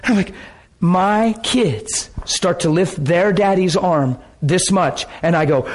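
A man preaching a sermon, telling a personal story in a dramatic, emotional way that breaks into shouts and laughter. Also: high-pitched, slow, heavy background noise.

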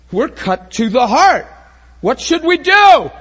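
Man, preacher, sermon, high-pitched, husky, fervent, shouting at the peaks. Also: big pitch swings, normal speed. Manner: impassioned, often shouting, acting out crowd reactions.

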